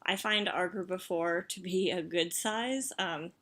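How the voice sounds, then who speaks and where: A woman's voice: lowish voice, unhurried, a bit bright. Tentative woman rambling with many likes. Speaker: podcast guest player. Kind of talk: casual chat.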